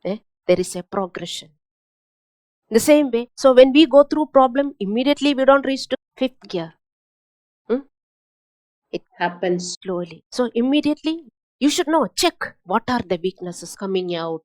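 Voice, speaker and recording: A woman's voice: a little high, lively intonation, moderate pace, a little mellow, no echo. A woman pastor from India, preaching a sermon with emphatic repetition and rhetorical questions.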